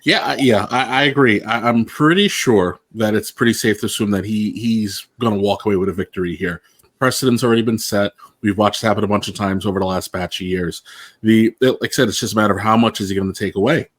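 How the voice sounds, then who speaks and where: A man's voice: fairly low pitch, fast, no room sound. A man co-hosting a casual news commentary show, speaking hesitantly with stammering restarts. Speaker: co-host. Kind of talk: casual political commentary chat.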